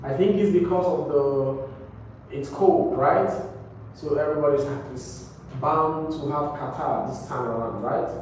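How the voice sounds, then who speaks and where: A male English teacher running a pronunciation drill in a classroom, saying each word slowly and repeating it for the class. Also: on the high side. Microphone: distant camera mic. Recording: echoey classroom from far off, faint noise.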